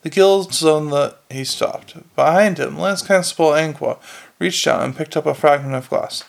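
A man's voice: a little high, normal speed, creaky. A man narrating a novel aloud in a plain, unpolished reading with frequent restarts. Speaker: audiobook reader.

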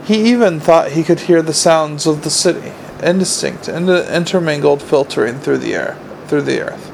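A man reading a novel aloud in a steady, measured storytelling voice. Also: fairly high pitch, gravelly, noisy background. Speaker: audiobook narrator. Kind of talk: audiobook narration.

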